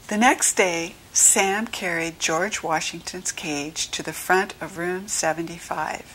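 An American woman reading a children's storybook aloud slowly and clearly for young listeners. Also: steady tone, slight background noise. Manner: slow, clear teaching read-aloud, brighter pitch for quoted children. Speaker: children's book reader. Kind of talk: read-along storybook narration.

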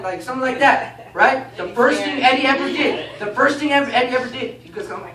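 A man teaching a baptism class in a casual, animated way, often asking "okay?" and "you know?". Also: extremely high pitch, a little fast, hardly any pauses, crowd noise. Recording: echoey room, mic far off, faint noise.

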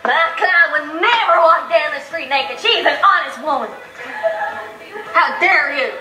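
Women acting as loud, feuding American neighbor women in a comedy courtroom sketch, with put-on American accents. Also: female voice, high voice, lively intonation, measured pace, roomy sound, music in the background, rough recording. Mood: sassy. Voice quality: loud, over-the-top and sassy.

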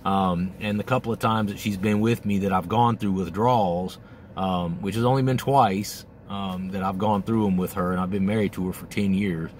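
A middle-aged man with a somewhat low voice talks in a candid, casual monologue, swearing freely and slipping into his own inner voice. A faint hiss of background noise sits under the recording. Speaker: host.

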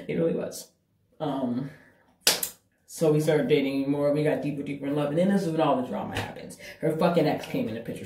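A woman's voice: deep voice, recorded from a distance, slight background noise. A woman telling a breakup story to camera, casual, blunt and full of swearing. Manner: profane, blunt, animated storytelling. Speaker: vlogger. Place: bathroom. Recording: echoey bathroom from off-mic.

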